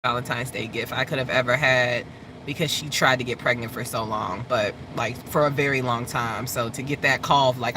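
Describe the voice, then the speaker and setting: A woman hosting a casual chat, telling stories in an animated way and laughing often. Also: rumbling low, fairly quick, noisy background. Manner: animated storytelling, laughs often, squeals in excitement. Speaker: host.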